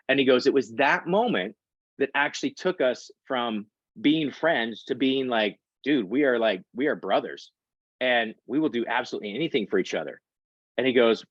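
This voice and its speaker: A man's voice: medium pitch, no echo. A middle-aged man giving a storytelling talk as a guest presenter, acting out the voices of the people in his story. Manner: animated storyteller acting out quotes. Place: online meeting talk. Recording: dry, slightly dull audio.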